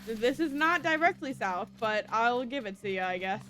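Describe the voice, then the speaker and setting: A woman's voice: a little high, animated, normal speed, pushed and bright, faint music behind. A woman streaming a video game in a casual chat, talking to herself and laughing at her own slips.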